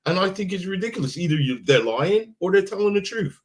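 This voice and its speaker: A man's voice: high-pitched, expressive, brisk, hardly any pauses. Guy hosting a podcast, laid back and rambly, cracks jokes. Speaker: podcast host. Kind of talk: casual podcast chat.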